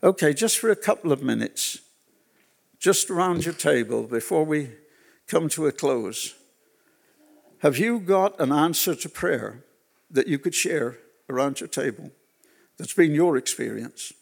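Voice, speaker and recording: Speaking at a church gathering, this pastor tells personal stories at a relaxed pace and leans on repeated phrases for weight. His voice is on the high side and animated, with noticeable vocal fry.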